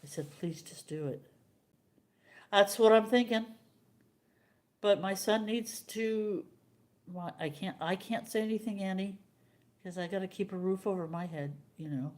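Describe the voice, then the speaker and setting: An older woman hosting a live stream, chatting casually with viewers and telling a rambling, halting story. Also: medium pitch, a little mellow.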